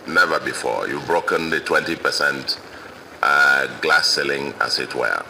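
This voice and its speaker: A man with a Nigerian English accent giving an emphatic victory speech as governor, listing vote figures deliberately. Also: a bass voice, gravelly, sharp tone, a little hiss or hum, rough recording.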